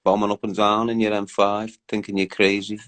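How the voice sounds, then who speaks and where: A man's voice: fairly low pitch, flat delivery, fairly quick, fairly bright tone, poor audio. A young man hosting a casual live stream, bantering with viewers in a slangy, chatty way. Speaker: livestream host.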